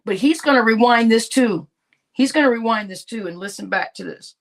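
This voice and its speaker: A woman's voice: on the high side, a little fast. A woman hosting a casual live stream, chatting and laughing with her viewers and addressing them as y'all. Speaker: livestream host.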